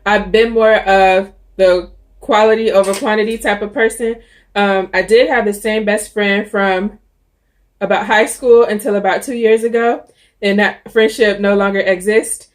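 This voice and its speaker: A woman's voice: mid-range voice, steady tone, unhurried. A young adult woman vlogging, talking casually and candidly to the camera, with frequent ums and restarts. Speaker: YouTuber.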